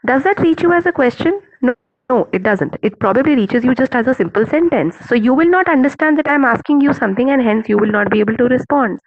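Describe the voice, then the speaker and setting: A woman's voice: high voice, expressive, no echo. Woman with an Indian accent, teaching. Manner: earnest, measured, with many fillers and restarts. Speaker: teacher trainer. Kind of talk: online teaching presentation. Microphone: video call. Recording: dull lo-fi call audio.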